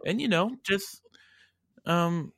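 A man co-hosting a podcast, chatting in a relaxed, hesitant way with fillers and restarts. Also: high-pitched, slow, gravelly, no room sound, studio quality. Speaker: podcast co-host. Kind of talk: casual chat.

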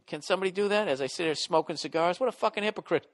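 A middle-aged man with a Boston accent hosting his own podcast. He rants in a profane, comic style and yells at times. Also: sits high, very fast. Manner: profane, ranting, yelling at times. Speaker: podcast host. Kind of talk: solo comedic podcast rant.

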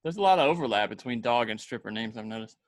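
A man co-hosting a podcast, teasing and firing quick questions in casual chat. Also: medium pitch, animated, no echo.

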